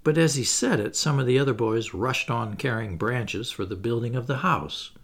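A man reading a children's story aloud in a gentle, expressive narration. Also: mid-range voice, normal speed, slightly rough. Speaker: audiobook narrator.

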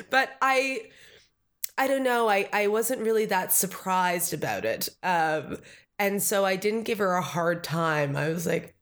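A woman's voice: medium pitch, expressive, measured pace. A woman in her thirties, a political candidate, talking casually in an interview with many fillers and acted-out quotes. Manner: chatty, many fillers, acts out quoted talk. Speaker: Green Party candidate. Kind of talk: conversational interview.

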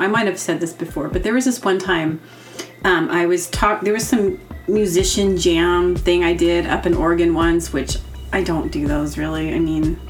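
A rambling woman tells comic stories on her podcast, giggling often and acting out silly bits of dialogue. Her voice sits fairly low. Faint music plays behind her. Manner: meandering, giggly, acts out silly quotes. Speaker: podcast host. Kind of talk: rambling comedic monologue.

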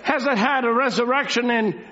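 A man's voice: very high-pitched, moderate pace, bright, forceful tone. A man preaching a sermon, asking rhetorical questions and repeating key lines for emphasis. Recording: dull lo-fi recording.

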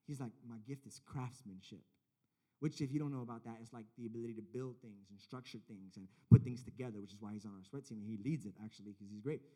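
A youth pastor preaching a casual, story-driven sermon. He acts out dialogue and builds to loud, emphatic points. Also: on the low side, very fast, few pauses.

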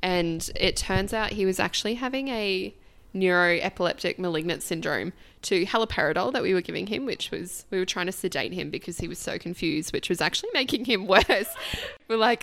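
Young woman, twenties, frank and giggly, fry-heavy voice, dry close mic. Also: fairly low pitch, a little fast, fairly bright tone, dry recording. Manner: frank, laughs often, swears casually. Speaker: registered nurse guest. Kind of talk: casual podcast chat.

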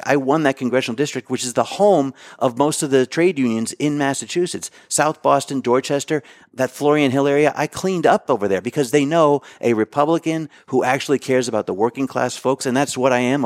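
A middle-aged man of middle pitch fields questions as a candidate, pressing his points and restarting sentences as he goes. The sound is dry and close, with no room around him. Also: a little mellow, dry recording. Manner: insistent, talks over the host, many restarts. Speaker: political candidate. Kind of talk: interview answers.

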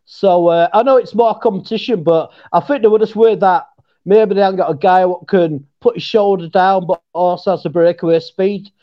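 A man's voice: high-pitched, steady tone, a little fast. A man with a Yorkshire accent from England, a guest chatting casually, joking, laughing often and trailing off mid-sentence. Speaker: podcast guest. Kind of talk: casual chat. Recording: dull lo-fi call audio.

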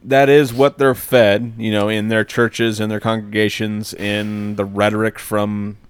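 A man's voice: lowish voice, level tone, a little slow, clear, resonant tone, no echo. A man co-hosting a casual podcast, blunt and sarcastic, with plenty of swearing. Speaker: podcast co-host.

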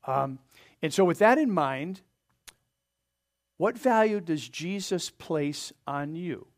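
A man pastor preaching a sermon, earnest, pressing his points hard and then letting them fall soft. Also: a little high, lively intonation, slow. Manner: earnest preaching with rising emphasis and soft drop-offs; asks the congregation to open their Bibles.

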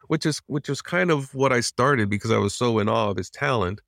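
Brisk and with few pauses, this medium-pitched, fairly bright voice belongs to a middle-aged veteran animator. In a dry, clean studio recording, he tells interview stories earnestly and reflectively, restarting often and acting out quotes.

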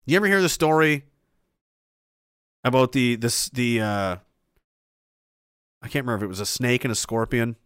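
A man's voice: medium pitch, moderate pace, pauses often, a bit bright, smooth, no echo, clean studio sound. A man delivering a heated, profane opinion rant, emphatic and rambling, with restarts and asides.

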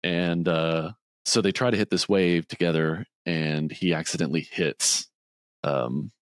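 Deep-voiced man retelling a movie. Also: fairly even intonation, a little slow, clean tone, no room sound, studio quality. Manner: rambling, acts out characters' lines in higher voices. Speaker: podcast co-host. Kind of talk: casual chat, retelling a film plot.

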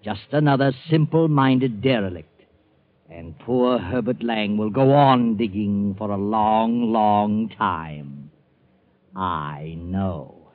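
An actor voicing a sinister, knowing male narrator in a 1940s radio drama. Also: on the low side. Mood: ominous. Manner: slow, ominous, knowing. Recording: tinny old radio broadcast with music.

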